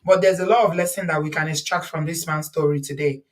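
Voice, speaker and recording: A woman's voice: low voice, fairly even intonation, fast talker. Nigerian woman, host, casual reaction chat, laughs a lot, voice a little distant from the mic. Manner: chatty, laughs often, mixes in Yoruba words.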